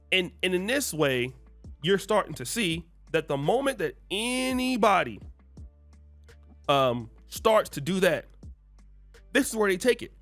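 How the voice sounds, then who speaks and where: A man hosting a commentary video, talking in a conversational, animated way with many fillers. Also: sits high, no room sound. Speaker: commentary host. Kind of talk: commentary on online feuds.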